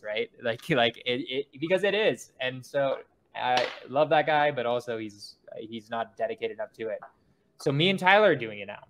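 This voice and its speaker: A man's voice: mid-range voice, a bit bright. Rambling young male podcast host. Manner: loose, rambling, heavy on fillers. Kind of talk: casual podcast chat.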